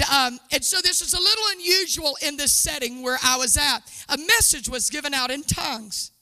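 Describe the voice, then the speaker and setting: A woman preacher telling her testimony in an animated, exclaiming sermon style before a live church audience. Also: high-pitched. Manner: animated storytelling, exclaiming and laughing.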